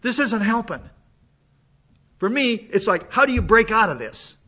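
A man's voice: high voice, sing-song, normal speed, pauses often, bright, forceful tone, husky. A man preaching a sermon in a folksy, conversational way, full of asides, while he is sick with a cough. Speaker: pastor. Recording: dull lo-fi sound.

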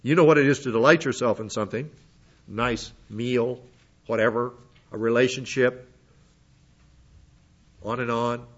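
A man's voice: mid-range voice, steady tone, a little slow, long pauses. Methodical male Bible teacher, dull recording. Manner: methodical, works through Greek word lists with restarts. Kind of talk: sermon-style Bible lesson.

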